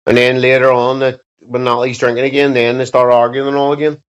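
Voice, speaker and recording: A man with a clear, resonant, medium-pitched voice speaks quickly and with little pitch movement. He's hosting a livestream from his home setup, bluntly rambling to viewers and swearing often, in dull lo-fi sound.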